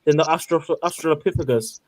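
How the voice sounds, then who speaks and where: Panel guest, man, rapid-fire eager explainer, a touch higher voice. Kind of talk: casual group discussion.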